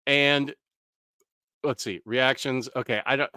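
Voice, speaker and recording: Man, livestream host, bright and clear, rambling, self-interrupting chatter. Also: mid-range voice, steady tone, slow, no echo, clean studio sound. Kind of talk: casual live-stream chat. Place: home room.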